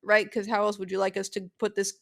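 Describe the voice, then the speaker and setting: A young woman co-hosting a podcast, telling stories in a lively, profane, casual way. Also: medium pitch, fast talker, vocal fry. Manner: profane, animated storytelling. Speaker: podcast co-host. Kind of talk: casual chat.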